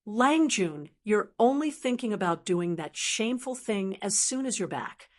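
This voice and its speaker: A woman voicing a shy, gentle young wife in a storybook, speaking coyly. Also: medium pitch, animated, measured pace, lightly acted. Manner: shy and coy.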